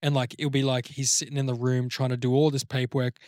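A man chats on a podcast in an animated way, swears freely, and acts out bits of his own story idea. His voice sits mid-range, and the sound is dry and close. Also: mid-range voice, fast talker, no echo. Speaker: podcast co-host. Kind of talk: casual chat.

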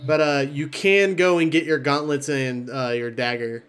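A young man narrating as game master in a relaxed, rambling way, swearing casually. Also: fairly high pitch, normal speed, clear, resonant tone, soft background music.

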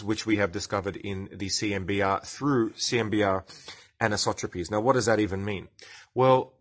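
A low-voiced Australian man with a slightly husky edge hosts a chatty science podcast. He explains with enthusiasm and breaks off now and then to greet live viewers. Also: a bit bright. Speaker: podcast host.

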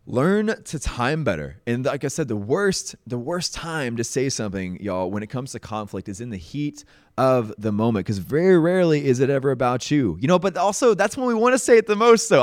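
A man's voice: medium pitch, no room sound, clean studio sound. A young man, hosting a motivational podcast in a folksy, rambling way and often saying "y'all" and "man.". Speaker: podcast host. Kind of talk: casual motivational monologue.

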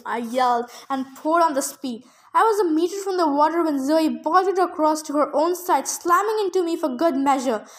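A woman with a high voice reading a first-person novel aloud. She reads expressively and speeds up or slows down with the action. Her delivery is steady narration rather than a performance. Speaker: audiobook reader.

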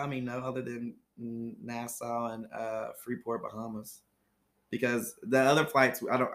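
A man's voice: fairly low pitch, vocal fry, fairly bright tone. A man from Ohio, a former flight attendant, telling stories in casual chat with lots of fillers. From Ohio, USA. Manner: rambling storyteller, many fillers.

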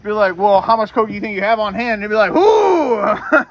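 A man co-hosting a podcast outdoors by a street, telling crude jokes loudly and laughing at his own punchlines. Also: high voice, level tone, rapid-fire, lo-fi sound. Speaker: podcast co-host. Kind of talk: crude joke-telling banter.

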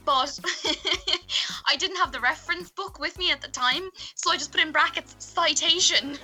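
Young Irish woman, high and very bright, giggly storyteller, soft music under. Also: unhurried. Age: young adult. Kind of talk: casual chat.

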